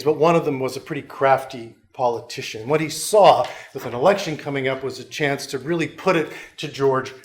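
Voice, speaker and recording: Middle-aged male professor, lecturing casually with dry jokes; voice sits a bit high. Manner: conversational, wry and self-mocking asides. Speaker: history professor, guest lecturer. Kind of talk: lecture to a union school.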